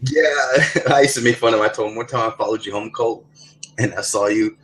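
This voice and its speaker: Young man, lowish voice, rambling foul-mouthed storyteller on a headset. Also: a little fast, a bit bright, a little hiss or hum, rough recording. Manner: rambling, profane, many restarts. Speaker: gamer in voice chat. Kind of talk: casual chat. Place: home, online voice chat.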